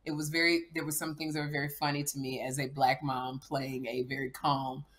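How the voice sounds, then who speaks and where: A middle-aged woman co-hosting a comedy podcast, telling stories with loud acted-out quotes. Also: extremely low pitch, brisk. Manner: animated storyteller, acts out quotes loudly. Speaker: podcast co-host. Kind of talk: casual comedic chat.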